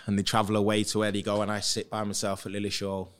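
A man's voice: on the low side, completely flat delivery, fast, fairly bright tone, clear, resonant tone. A man in his thirties, a former footballer, telling casual anecdotes as a podcast guest and acting out what others said. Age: 30s. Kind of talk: casual storytelling.

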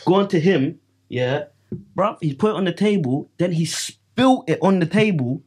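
A man's voice: a little high, moderate pace, husky. A young man, chatting on a podcast and telling a story while acting out what others said. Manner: animated storyteller who acts out quotes. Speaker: podcast co-host. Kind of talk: casual chat.

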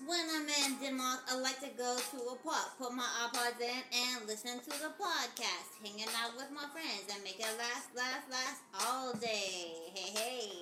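A woman's voice: on the high side, normal speed, hardly any pauses, reverberant, music in the background. A woman rapping rambling, goofy freestyle rhymes over a beat. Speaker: podcast co-host.

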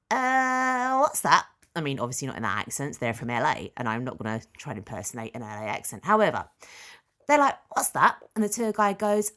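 A woman, co-hosting a podcast and telling an anecdote in a chatty, animated way. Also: a bass voice. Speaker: podcast co-host. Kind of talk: casual chat.

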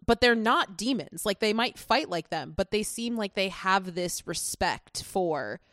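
A woman's voice: medium pitch, animated, a little slow, fairly bright tone, no echo, clean studio sound. A woman co-hosting a podcast, chatting casually about a film with enthusiasm and lots of fillers. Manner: enthusiastic, rambling with many fillers. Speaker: podcast co-host.

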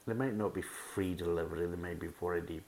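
A man's voice: sits low, quick pace, darkish tone, poor audio. A man reviewing beer in a casual, blunt, rambling way, repeating himself often. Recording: faint background hiss.

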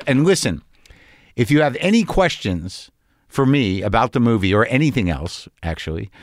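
This is a man in his fifties hosting a podcast, talking off the cuff in a loose, rambling monologue full of swearing and self-deprecating asides. His voice sits at an ordinary middle pitch, and the recording is close and completely dry. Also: no room sound. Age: 50s. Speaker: podcast host. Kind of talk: casual monologue.

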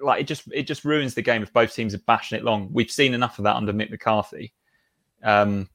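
Animated man ranting about football. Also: fairly low pitch, brisk. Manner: animated, opinionated, restarts often. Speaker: podcast co-host. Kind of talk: casual football podcast chat.

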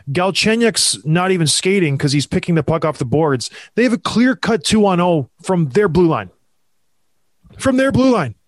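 A man's voice: high voice, dry recording. A man hosting a sports talk show, ranting in exasperation with frequent sighs. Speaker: hockey podcast host. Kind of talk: heated sports commentary chat.

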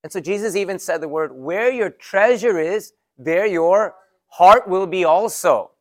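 A man's voice: high-pitched, a little slow. A young adult man preaching a sermon in a conversational way, often asking the congregation rhetorical questions. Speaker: pastor.

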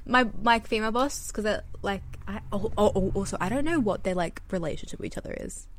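A woman's voice: mid-range voice, animated, fast, background noise. A young woman, co-hosting a casual podcast chat, giggling and tripping over her words as she tells work stories. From Australia. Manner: giggly, stumbles and restarts mid-sentence. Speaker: podcast co-host.

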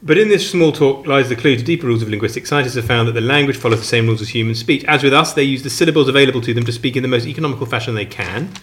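A man co-hosting a podcast in casual chat, animated and jokey, reading items off a list. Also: mid-range voice, racing, hardly any pauses. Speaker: podcast co-host.

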